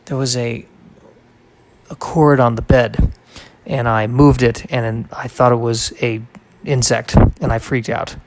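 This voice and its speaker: A man's voice: mid-range voice, little pitch movement, takes it slowly, darkish tone. A man hosting a solo podcast, reading aloud and drifting into wry, rambling asides in a casual way. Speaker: podcast host.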